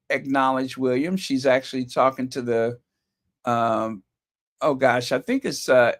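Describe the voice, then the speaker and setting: A man hosting a casual commentary vlog, reading headlines aloud with sarcastic asides and chuckles, his voice a bit scratchy. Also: mid-range voice. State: slightly scratchy voice. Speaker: channel host.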